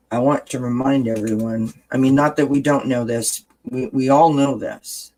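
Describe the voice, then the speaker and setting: A man's voice: mid-range voice, low-quality recording. A man hosting a casual wellness chat, talking straight to his viewers in an earnest, encouraging way and repeating key phrases. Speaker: host.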